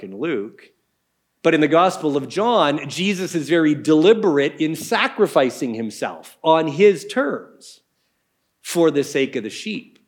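A man gives a sermon in a relaxed, explanatory way, walking his listeners through scripture and stopping for small casual asides. His voice sits a little higher than most men's. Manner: conversational, explanatory teaching with asides. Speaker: pastor.

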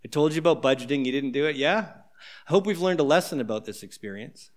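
A man's voice: on the high side, quick pace, close to an everyday voice. A man voicing a stern, disappointed middle-aged father who lectures his returning son. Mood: scolding. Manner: lecturing, condescending.

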